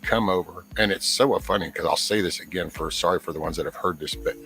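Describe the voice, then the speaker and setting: A man's voice: sits low, quick pace, a bit bright, slight background noise, rough recording. A middle-aged man as a guest on a casual livestream panel, telling a long story in an earnest, rambling way with many restarts. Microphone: camera mic.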